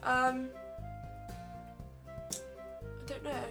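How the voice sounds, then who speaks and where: A woman's voice: high voice, monotone, drawn-out words, a bit bright, soft background music. A teenage girl, co-hosting a casual podcast with bubbly, hesitant chat full of fillers. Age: teens. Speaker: co-host.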